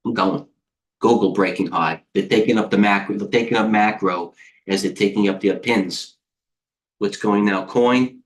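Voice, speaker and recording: Rambling low-voiced man reading stock tickers. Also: normal speed, slight background noise. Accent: American. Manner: rambling, excitable, jumps between tickers. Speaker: trading coach. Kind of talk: live market commentary.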